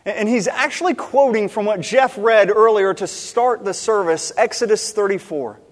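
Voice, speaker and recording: A man preaching a sermon in a church, animated, swinging between loud emphasis and quiet asides. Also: high voice, moderate pace. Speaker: pastor. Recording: long reverb in a large hall.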